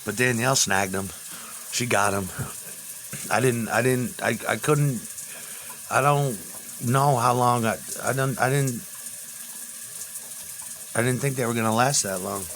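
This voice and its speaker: A man in his fifties telling rambling personal stories, profane and halting, with restarts. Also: mid-range voice, a bit bright, slight background noise. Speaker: interviewee.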